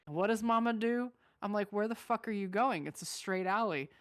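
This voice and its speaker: A woman streamer in casual chat, excitable and full of swearing, shrieking when exasperated. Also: medium pitch, fairly quick.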